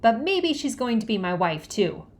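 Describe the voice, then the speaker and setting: A woman voicing a small excitable boy who blabs on eagerly. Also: a little high, normal speed. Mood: chattering. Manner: blabbing, eager.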